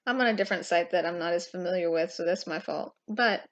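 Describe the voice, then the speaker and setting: A woman giving an informal, impassioned Bible teaching, emphatic and full of pauses and restarts. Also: lowish voice, muffled recording. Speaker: Christian teacher.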